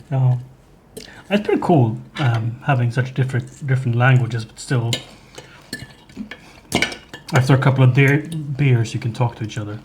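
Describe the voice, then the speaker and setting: A man hosting a live cooking stream, chatting slowly and thoughtfully and chuckling often. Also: mid-range voice, noisy background. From Sweden. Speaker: livestream host. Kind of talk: casual chat while cooking. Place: home kitchen. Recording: kitchen clatter behind the voice.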